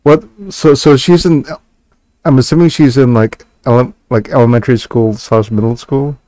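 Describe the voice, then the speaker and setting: A man reading a text game aloud and stopping for hesitant, halting asides with fillers and restarts. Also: mid-range voice, dark tone, dry recording. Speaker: gaming channel host.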